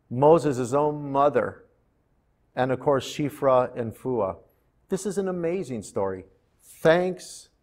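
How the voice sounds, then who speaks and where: A man pastor delivering a sermon in a church, in an unhurried storytelling manner. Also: medium pitch, darkish tone.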